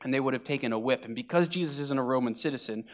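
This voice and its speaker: A man's voice: medium pitch, racing. A male pastor reading scripture aloud and then explaining it in a conversational sermon with casual fillers.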